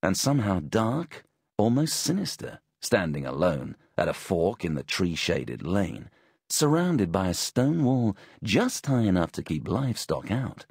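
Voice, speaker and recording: Guy reading a first person audiobook, wry and measured, husky low voice, super dry close mic. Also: no echo. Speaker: audiobook narrator. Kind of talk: first-person scripted narration.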